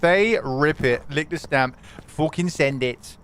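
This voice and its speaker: A man's voice: mid-range voice, fairly even intonation, measured pace, a bit bright, slight background noise. A man streaming a game live, commenting animatedly, swearing and greeting his chat.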